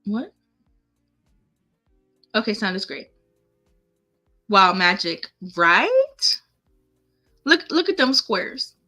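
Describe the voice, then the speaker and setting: Bright, slow-talking woman crafter. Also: mid-range voice, big pitch swings, faint music behind. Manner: chatty, talks to herself and viewers while clicking. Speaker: craft tutorial host. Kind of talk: casual live tutorial. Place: home setup, live stream.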